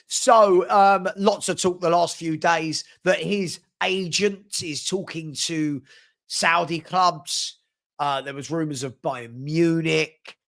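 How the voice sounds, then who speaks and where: Casting: male live-stream host, slightly higher voice, playful and chatty, has a cold. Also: pushed and bright. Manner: chatty, playful, teasing, repeats himself. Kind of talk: casual live-stream chat reading viewer comments.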